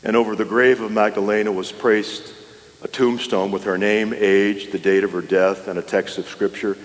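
A man preaching a sermon, earnest and measured, with solemn pauses. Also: fairly low pitch, little pitch movement, big-room sound. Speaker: pastor.

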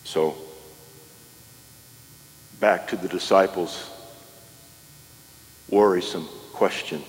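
Low-voiced pastor preaching in a reverberant church. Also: male voice, steady tone. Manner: earnest, measured preaching with solemn pauses. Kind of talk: sermon.

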